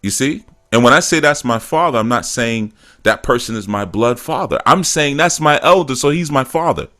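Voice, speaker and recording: Over soft background music, a middle-aged spiritual teacher hosts his show in a bright, forceful, mid-range voice with lively intonation and a moderate pace. His casual monologue is loose storytelling heavy on "man" and "you know," with quotes acted out and moments of emphasis.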